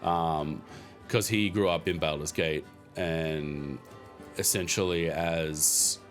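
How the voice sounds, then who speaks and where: Low-voiced man rambling through a game recap. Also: fairly even intonation, slow, soft background music. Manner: rambling, many fillers, chuckles often. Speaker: podcast host recapping a tabletop game. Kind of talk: casual solo recap.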